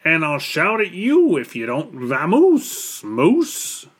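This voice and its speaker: A man voicing a fierce male eagle in a storybook, bellowing in a high, shrill voice. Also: wildly swooping pitch, slow, slightly rough, heavily acted. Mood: angry.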